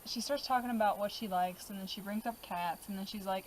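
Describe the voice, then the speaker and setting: A woman's voice: mid-range voice, a little fast, rough recording. Chatty woman vlogging outdoors. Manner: chatty, many fillers like "um" and "like". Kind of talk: casual chat about journal pages.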